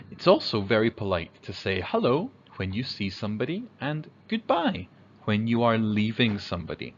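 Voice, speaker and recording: Slow, lively male teacher. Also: highs cut off, slight background noise. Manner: slow, clear, acts out examples in a high child's voice. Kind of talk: children's lesson on manners.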